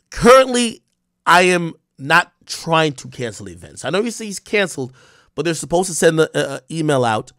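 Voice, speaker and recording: Young man, live streamer, agitated rant, swearing, high lively voice, dry close sound. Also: no echo. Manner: agitated, swearing, stumbling restarts. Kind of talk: casual livestream rant.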